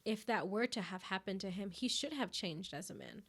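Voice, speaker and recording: A woman's voice: medium pitch, fairly quick, fairly bright tone, breathy edge. A woman co-hosting a podcast, chatting casually, mixing English with Spanish and adding short remarks. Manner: short agreeing interjections, mixes English and Spanish. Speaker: podcast co-host. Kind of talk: casual chat.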